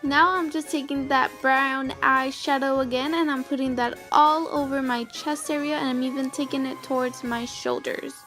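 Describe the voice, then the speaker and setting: A woman's voice: sits high, moderate pace, few pauses, faint music behind. A young woman giving step-by-step voice-over narration for a makeup tutorial. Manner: steady step-by-step instructions. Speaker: makeup vlogger.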